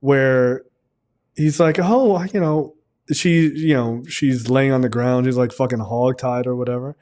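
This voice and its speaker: A man's voice: mid-range voice, fairly even intonation, measured pace, a little mellow. A man co-hosting a casual film review podcast, talking bluntly with plenty of swearing and loose rambling. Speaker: podcast co-host.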